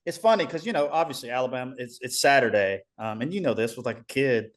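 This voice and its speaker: A man, a musician guest in a casual interview, talking haltingly with many restarts. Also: medium pitch, expressive.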